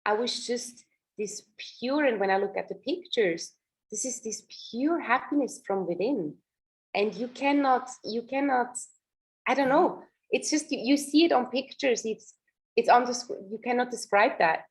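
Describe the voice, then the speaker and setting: Earnest, halting woman telling her story. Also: on the high side, poor audio. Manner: earnest, halting, repeats words as she searches for them. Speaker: doula, guest. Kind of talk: personal birth story in a podcast interview.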